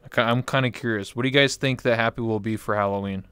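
A man's voice: mid-range voice, steady tone, fast, sharp tone, smooth, dry recording. A man hosting a live-stream interview in casual chat, joking crudely and swearing a lot. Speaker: talk show host. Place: virtual reality chat stream.

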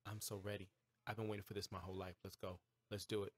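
A man hosting his own live game stream, trash-talking and reacting loudly as he plays. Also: lowish voice, fast talker, dry recording. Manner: excitable, talks back to the game, trash-talking; bursts into shouts and squeals when surprised. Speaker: gaming streamer host. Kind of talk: live gameplay commentary.

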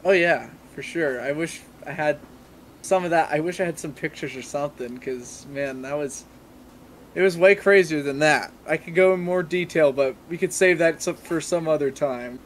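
Chatty young man, higher-pitched voice. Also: moderate pace, slight background noise. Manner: rambling, filler-heavy storytelling. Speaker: guest. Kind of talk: casual chat.

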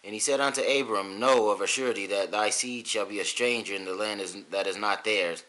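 A man reading scripture aloud in a steady, measured way, with an occasional slip. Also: fairly low pitch, poor audio. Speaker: scripture reader.

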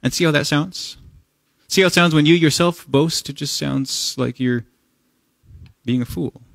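A man's voice: on the high side, unhurried, gravelly, fairly bright tone, no room sound. A pastor giving a conversational sermon. He asks the congregation rhetorical questions and reads scripture with mounting intensity. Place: church sanctuary.

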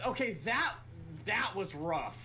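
A man streaming a video game, rambling and swearing loudly in casual commentary. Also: high voice, expressive, takes it slowly, slight background noise. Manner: loud swearing outbursts, rambling.

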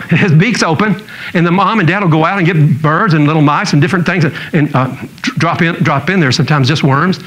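A man's voice: a little high, fairly bright tone, poor audio. A man preaching a sermon in a church, telling stories in a joking way and acting out the people he quotes. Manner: storytelling, jokey, acts out quotes. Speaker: pastor.

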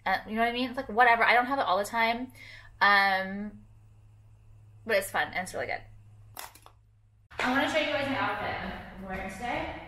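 A woman's voice: fairly high pitch, fairly quick, long pauses, bright, forceful tone. A young woman vlogging casually to camera while doing her makeup, rambling with lots of fillers and casual swearing.

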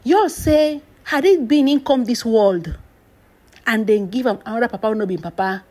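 A woman with a Nigerian Pidgin English accent spins celebrity gossip into a dramatic story, stretching out phrases, dropping into whispered asides, and bursting into exclamations. Her voice is on the high side, mellow, at normal speed.

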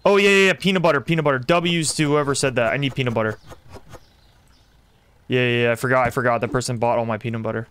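A young man streaming a simulator game, commenting excitedly and talking to his chat as he plays. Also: medium pitch, quick pace, smooth. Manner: excitable, talks to chat while playing. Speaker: gaming streamer. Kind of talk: live gameplay commentary.

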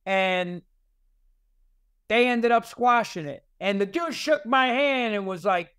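New guy telling street stories on a podcast, cursing nonstop, really high clean voice. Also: a little slow, smooth. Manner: profane, animated street storyteller. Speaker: podcast guest. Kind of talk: casual storytelling.

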